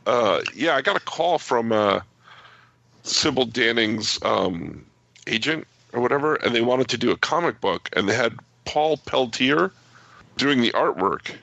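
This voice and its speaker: A man's voice: mid-range voice, lively intonation, a little slow, vocal fry, a bit bright, no room sound. A man co-hosting a podcast, telling rambling stories in casual chat and acting out quoted lines. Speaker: podcast co-host, comic book creator. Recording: dull lo-fi sound.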